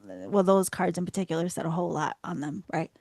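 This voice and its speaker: A woman's voice: on the low side, sing-song, brisk, darkish tone, dry recording. A woman hosting a podcast, telling a story in a casual chat and acting out her own reactions. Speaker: podcast host.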